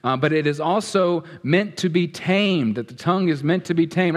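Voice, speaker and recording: A man's voice: on the high side, lively intonation, moderate pace, few pauses. A man preaching a sermon as pastor, talking directly and playfully to his congregation. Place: church sanctuary. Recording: echoey hall.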